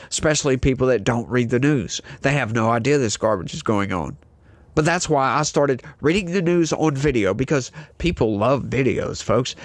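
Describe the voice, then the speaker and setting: A political commentary host with a southern Louisiana accent reads the news and delivers heated opinion commentary in a mid-range voice on a dry recording. He's hyper and scattered, ranting with lots of rhetorical questions.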